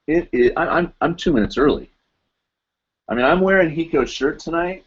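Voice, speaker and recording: A man's voice: a little high, lively intonation, moderate pace, husky, lo-fi sound. A man in his forties hosting a live stream in casual, rambling chat, chuckling often and mocking himself. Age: 40s.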